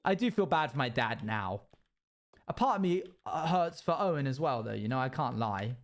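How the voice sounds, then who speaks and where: A man's voice: mid-range voice, expressive, moderate pace. A young man streaming a game and telling a rambling story with sound-effect noises. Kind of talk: casual storytelling while gaming.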